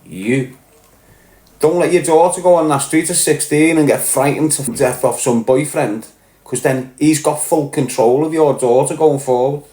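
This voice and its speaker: A man's voice: on the high side, normal speed, dark tone. A man with a Liverpool accent hosting a livestream, talking bluntly and swearing as he reads out chat. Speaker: livestream host reading chat. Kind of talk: casual livestream rant. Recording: roomy echo.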